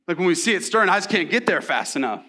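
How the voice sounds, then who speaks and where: A man's voice: sits high, very animated, fast, pushed and bright, exaggerated voice. A man voicing a weary, hesitant man who has been waiting for years and makes apologetic excuses, in a sermon.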